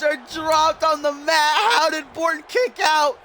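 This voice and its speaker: A man giving excited, shouty play-by-play commentary on a wrestling video game, swearing and getting out of breath. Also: extremely high pitch, unhurried, few pauses. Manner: shouty, swearing, animated, mock wrestling-announcer delivery.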